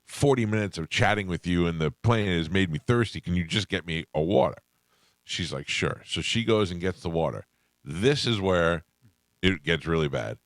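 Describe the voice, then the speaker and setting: A radio host telling a story in casual chat, acting out the people in it. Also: male voice, low-pitched, moderate pace, no room sound, studio quality. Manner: animated, acts out quoted voices.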